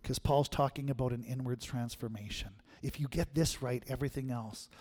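A man's voice: mid-range voice, steady tone, fairly quick, a little mellow. A man preaching a sermon in a conversational way, often checking in with "right?". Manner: conversational, repeats "right?" to the congregation.

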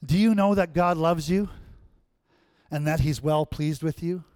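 A man's voice: fairly high pitch, a little slow, darkish tone, no echo. A man preaching a sermon as pastor, conversational, checking in with "right?" and "amen?".

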